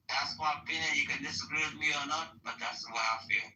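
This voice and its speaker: A man with a very bright, sharp voice talks bluntly and swears freely, pressing his points with emphasis. He sounds distant from the mic in an echoey room. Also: a little high, fast talker, a little hiss or hum. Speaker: guest. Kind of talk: casual chat.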